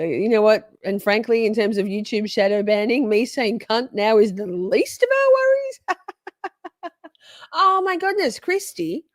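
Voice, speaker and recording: Bubbly, lively woman streamer. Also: a little high, no echo, studio quality. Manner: playful, laughs often, swears, talks straight to viewers. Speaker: livestream host. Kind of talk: casual live-stream chat.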